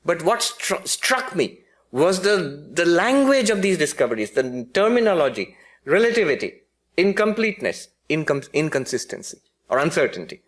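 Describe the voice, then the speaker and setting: A man's voice: fairly high pitch, big pitch swings, moderate pace. A man, a spiritual teacher, giving a philosophy lecture with humorous storytelling and frequent self-corrections.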